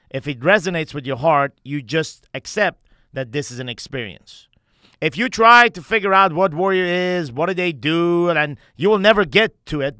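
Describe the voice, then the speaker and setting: Male podcast coach, intense and profane, slightly high, dry close sound. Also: pushed and bright, no room sound. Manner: intense, emphatic, heavy swearing. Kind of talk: candid podcast conversation.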